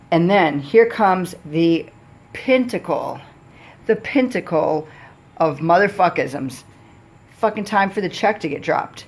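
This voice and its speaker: A woman restaurant server telling a blunt, profane, exasperated story about her customers. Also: lowish voice.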